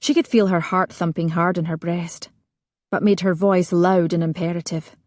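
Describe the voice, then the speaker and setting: A woman narrating a romance audiobook with measured storytelling. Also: fairly low pitch, steady tone, a little mellow, no echo, clean studio sound.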